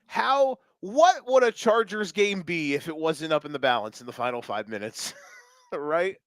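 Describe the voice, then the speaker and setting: A man co-hosting a sports podcast, talking fast and animated with swearing and jokes. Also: fairly high pitch, dry recording. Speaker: podcast co-host. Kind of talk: excited sports talk.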